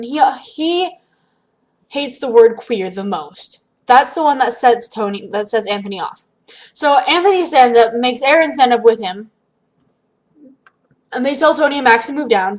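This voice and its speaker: Young woman vlogging, high voice, chatty, gets loud and animated telling a story. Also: low-quality recording. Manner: animated, bursts into loud shrieks when quoting. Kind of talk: casual storytelling to camera.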